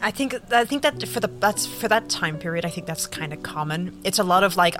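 A woman's voice: lowish voice, expressive, brisk, hardly any pauses, music in the background. A young woman co-hosting a podcast, chatting casually with playful reactions. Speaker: podcast co-host.

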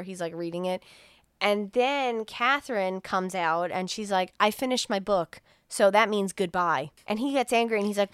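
A woman's voice: mid-range voice, moderate pace, smooth, no room sound, clean studio sound. A woman co-hosting a podcast, retelling a movie plot in casual chat, acting out the characters' lines with plenty of swearing. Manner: animated recap with quoted dialogue, frequent swearing and laughs.

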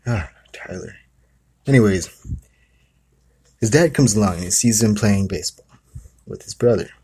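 A man's voice: fairly low pitch, animated, moderate pace, dark tone, husky. A man hosting his own talk, telling a made-up story in a rambling, conversational way full of asides. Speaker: host. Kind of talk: casual storytelling monologue.

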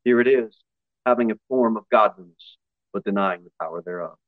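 A male pastor preaching a sermon, his voice jumping high and loud for emphasis before dropping back low. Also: fairly quick, no echo, narrow, tinny audio. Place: church.

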